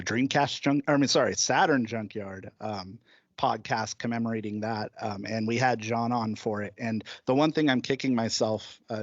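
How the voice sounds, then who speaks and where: A man's voice: lowish voice, no room sound, dull audio. A man guesting on a podcast in casual, chatty talk with fillers. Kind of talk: casual chat.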